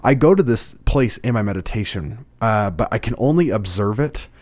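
Low-voiced reflective man telling stories. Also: expressive, normal speed, darkish tone, no room sound. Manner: reflective, storytelling, with restarts. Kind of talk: casual conversation.

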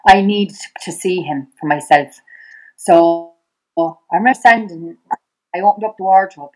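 A middle-aged Irish woman, a podcast guest, retelling events in conversation. She talks in a fast, halting way, acting out past dialogue with many restarts. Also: fairly low pitch, rough recording. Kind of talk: personal storytelling in conversation.

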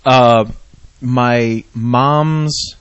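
A man's voice: medium pitch, fairly even intonation, extremely slow, clear, resonant tone, muffled recording. A man co-hosting a casual, profane, rambling chat, laughing often. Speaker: podcast co-host.

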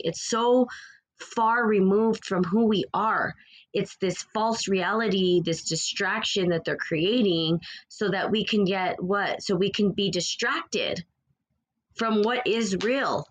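A woman's voice: medium pitch, rough recording. Passionate woman on a spiritual rant. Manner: passionate, preachy, rambling. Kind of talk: casual spiritual monologue.

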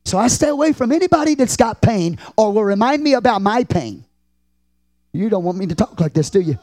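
High-pitched preaching pastor, dry sound. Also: male voice, expressive, fairly quick, no room sound. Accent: Texan. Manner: preaching with sudden loud shouted peaks and hushed low stretches. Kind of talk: sermon.

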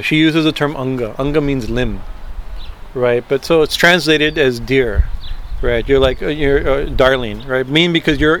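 A man giving a scripture class lecture, halting often with fillers and asking "right?" to his listeners. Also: mid-range voice, fairly bright tone, slight background noise. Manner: halting, many fillers and tag questions. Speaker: scripture teacher.

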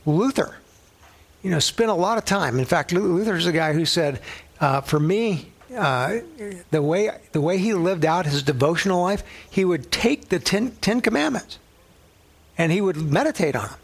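A man's voice: sits high, lively intonation, moderate pace, vocal fry, husky. A middle-aged male pastor teaching a sermon in a conversational way, telling personal stories and using a coffee cup as a prop.

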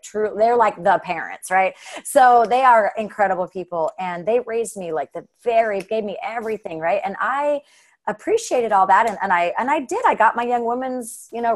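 A woman from Southern Utah telling a heartfelt personal story in a casual, earnest way, with lots of fillers and "right?" tags. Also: mid-range voice. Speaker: guest.

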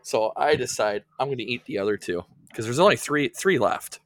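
A podcast co-host tells a rambling story during casual chat, laughing often and acting out what his friends said. His mid-range voice is lively in intonation and brisk in pace. The recording is dry and studio quality.

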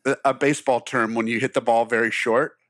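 Male guest, middle pitch, crude deadpan humor, dry room. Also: fairly quick, dry recording. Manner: crude, profane joking. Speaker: interview guest. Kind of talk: casual conversation.

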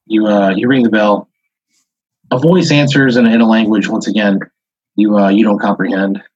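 A man's voice: lowish voice, fairly even intonation, normal speed, darkish tone, slightly rough, dry recording. A man hosting a podcast, telling an improvised second-person story in a rambling way full of "like" and "uh" fillers. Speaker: podcast host. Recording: dull lo-fi audio.

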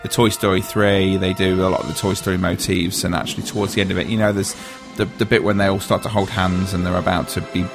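A man's voice: low-pitched, level tone, fast, hardly any pauses, music in the background. A man hosting a casual chat, rambling and joking as he talks. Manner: chatty, rambling, jokey. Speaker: podcast host.

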